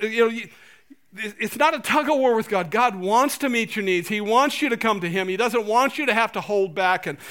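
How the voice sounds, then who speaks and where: A man delivers a sermon with a high, bright voice. He is animated and jokes with the congregation, putting on playful voices to act out prayers. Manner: animated, laughing, acting out prayers in funny voices. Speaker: pastor.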